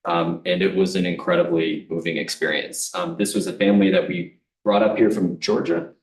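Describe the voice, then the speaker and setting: A man from a district attorney's office giving a hurried, matter-of-fact report at a council meeting. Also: sits low, fairly even intonation, echoey room, recorded from a distance. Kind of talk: public presentation at a council meeting.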